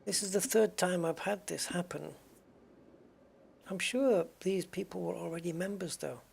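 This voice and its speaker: A gaming streamer with a high, creaky voice talks at a moderate pace over a faint hiss or hum while playing a space game. In casual live-stream chat, he rambles and pokes fun at himself as he reads and answers viewers' messages.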